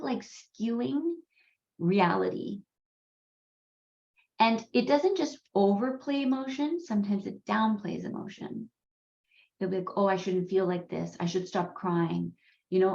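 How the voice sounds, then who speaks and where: A woman whose first language is Gujarati, hosting a parenting course in a candid, animated storytelling way with frequent laughs. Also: a little high. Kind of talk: conversational course talk. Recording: roomy, slightly dull sound.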